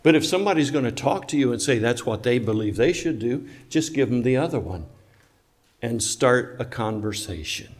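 In a church, a male preacher with a mid-range pitch gives an animated sermon at a moderate pace. He speaks emphatically, throws rhetorical questions at the congregation, and exchanges remarks with people in the pews.

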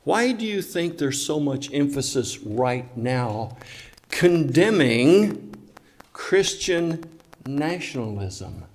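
A man's voice: a little high, sing-song, takes it slowly. A man preaching a sermon to a church congregation, emphatic, asking rhetorical questions and talking back and forth with listeners.

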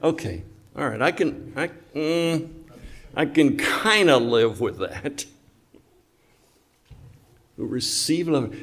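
A male preacher delivers a sermon in a church. He speaks with emphasis, tosses rhetorical questions at the congregation and trades remarks with listeners in the pews. His pitch sits in a middle range. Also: animated, slow pace, pauses often, fairly bright tone.

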